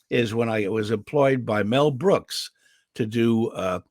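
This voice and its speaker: This older man has a scratchy throat he clears often as he tells animated stories, restarting lines along the way. He's a voice actor guest being interviewed at home in California, speaking slowly in a mid-range voice. The recording is dry and studio-clean.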